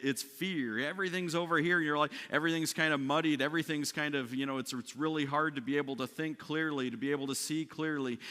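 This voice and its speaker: A man's voice: mid-range voice, a bit bright, in a large hall. A man preaching a sermon as pastor in a conversational way, often asking "right?" and restarting his sentences. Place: church sanctuary.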